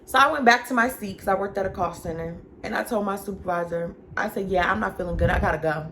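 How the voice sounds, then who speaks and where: A woman's voice: mid-range voice, fast talker. Young adult woman, talkative vlogger at home, casual storytelling voice, slight room hiss. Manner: chatty, animated, addresses viewers as y'all and girl.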